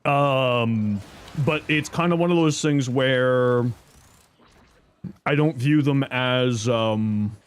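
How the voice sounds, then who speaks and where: A man livestreaming in casual chat, reading viewer messages aloud and thanking subscribers, thinking out loud. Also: takes it slowly, clean tone. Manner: squeaky high-pitched outbursts of surprise. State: chewing an apple.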